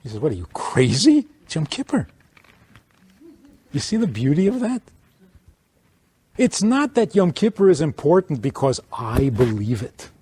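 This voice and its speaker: A rabbi teaching a small audience in a lively, sing-song way, his voice climbing and dropping as he plays out little exchanges. The tone is mellow and a bit husky, and the sound is dry and close. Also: fairly high pitch, no room sound. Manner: animated, plays out dialogues, chuckles. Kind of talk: informal teaching talk.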